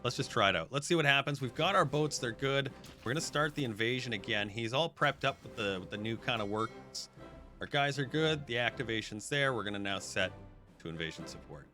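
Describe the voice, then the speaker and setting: A man's voice: mid-range voice, a little fast, pushed and bright. A man giving chatty live commentary while he plays a strategy game and talks to his chat. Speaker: streamer. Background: background music.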